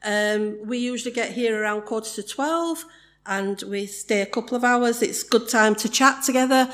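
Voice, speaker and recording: A middle-aged woman, leading a congregation in spoken prayer and then reading the church notices in a chatty, joking way. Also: fairly high pitch. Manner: chatty and warm, laughs easily, jokes with the congregation; slow and solemn in prayer.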